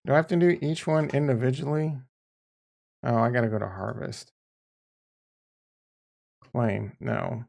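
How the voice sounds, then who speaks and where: A man talking casually about his crypto yield farm, blunt and profane, swinging from quiet muttering to heated ranting. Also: mid-range voice, animated, measured pace, vocal fry, long pauses. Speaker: crypto YouTuber. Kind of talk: casual screen-share commentary.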